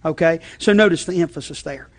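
A male pastor delivers a sermon in a chatty, conversational manner, often checking in with his listeners. His voice sits high for a man, and he swings from loud emphasis to low, quiet asides, with frequent restarts. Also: fairly quick.

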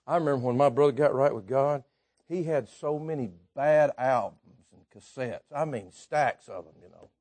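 A man preaching a sermon, telling stories with folksy asides and swinging from quiet remarks to shouts. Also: mid-range voice, moderate pace.

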